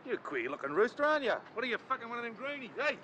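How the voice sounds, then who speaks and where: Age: adult. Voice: a yelling, foul-mouthed brute. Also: male voice, very high voice, sing-song, rapid-fire, a little hiss or hum, full character voice. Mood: hostile yelling. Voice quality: yelling, abrasive. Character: aggressive foul-mouthed male street worker.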